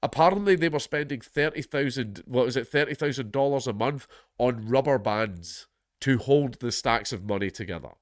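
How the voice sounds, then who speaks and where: This commentary channel host is a Scottish man with a blocked-up head cold. He reads a news article aloud at a moderate pace in a mid-range voice, breaking off for sardonic, sweary asides, and the recording is clean studio sound with no room sound.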